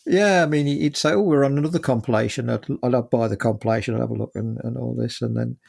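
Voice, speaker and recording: An English man in his seventies, with a gravelly, rough-edged voice, rambles through his stories in an easy interview chat. His pitch sits in a plain middle range. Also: quick pace, a little mellow. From England. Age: 70s. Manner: chatty, rambling with many fillers. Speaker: guest musician. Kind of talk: casual anecdotal storytelling.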